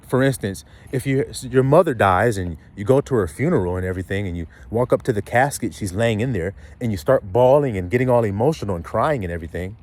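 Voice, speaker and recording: A man delivers a blunt, profane sermon, firing question after question at his listeners. His pitch leaps high and drops low as he builds each point. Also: a little mellow. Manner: blunt, profane street preaching with rhetorical questions. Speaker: preacher.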